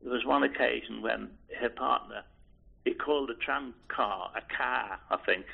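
An older man from Liverpool recalls his past in an interview, his voice deeply gravelly and husky. He talks haltingly, stumbling over restarts and repeated words. The sound is thin and narrow, like a phone line. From Liverpool, England. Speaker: oral history interviewee. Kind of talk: reminiscing in an interview. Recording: tinny phone-like lo-fi recording.

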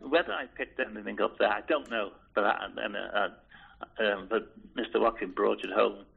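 Gravelly older man, tinny phone-like recording. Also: on the low side. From Liverpool, England. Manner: halting, hesitant, many restarts and repeated words. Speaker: oral history interviewee. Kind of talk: reminiscing in an interview.

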